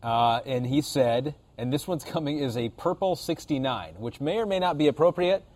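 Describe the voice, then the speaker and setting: A man's voice: medium pitch, normal speed, a little mellow. A man co-hosting a podcast, reading out listener submissions and joking around in casual chat. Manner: playful, laughing, reads out submissions. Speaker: podcast co-host.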